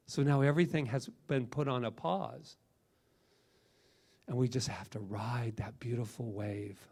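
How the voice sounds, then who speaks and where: A middle-aged man, a minister, giving an animated, emphatic sermon full of repetitions and asides. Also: mid-range voice, unhurried, gravelly, husky.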